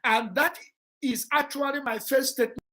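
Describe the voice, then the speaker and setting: High-voiced, impassioned Nigerian woman vlogger. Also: steady tone, normal speed. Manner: forceful, repetitive, lecturing, addresses a rival directly. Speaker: vlog host. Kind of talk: impassioned livestream commentary.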